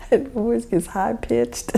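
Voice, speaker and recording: A woman's voice: on the high side, creaky, warm tone, slight background noise. A woman hosting a podcast, telling a personal story in a rambling, self-correcting way and chuckling often. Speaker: podcast host. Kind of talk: casual storytelling monologue.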